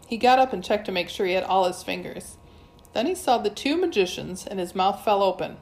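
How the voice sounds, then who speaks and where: A woman reading a first-person adventure story aloud with lively storytelling. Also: medium pitch, normal speed. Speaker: audiobook narrator. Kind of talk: first-person audiobook narration.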